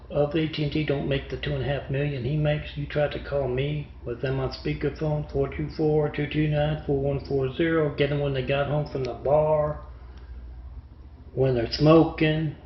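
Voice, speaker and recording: A man rants in a rambling, repetitive home video monologue, pausing often to hesitate. His slightly high voice has a gravelly edge. The lo-fi recording is dull and roomy, with faint noise behind him.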